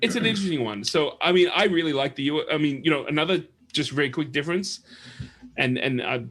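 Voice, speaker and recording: A man's voice: fairly high pitch, expressive, fast, a bit bright. A man hosting a casual livestream chat, telling long rambling stories and acting out the people he quotes. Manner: rambling storyteller who acts out quoted people. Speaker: show host.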